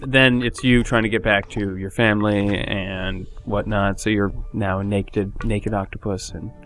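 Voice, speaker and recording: A man's voice: on the low side, little pitch movement, unhurried, fairly bright tone, soft background music. A man co-hosting a podcast, recapping a game's plot in a rambling, casual way with lots of filler words. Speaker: podcast co-host. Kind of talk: casual chat.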